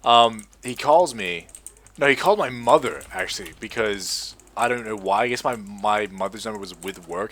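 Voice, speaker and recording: Young aussie guy rambling and swearing while he plays, keyboard clacking in the back. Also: lowish voice. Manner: swears a lot, rambling and animated. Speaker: gaming video creator. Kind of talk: casual storytelling over gameplay commentary.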